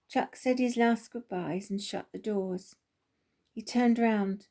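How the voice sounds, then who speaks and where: Mellow-voiced woman reading a storybook. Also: mid-range voice, unhurried. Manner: gentle, expressive, does voices for each character. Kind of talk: storybook narration with character voices.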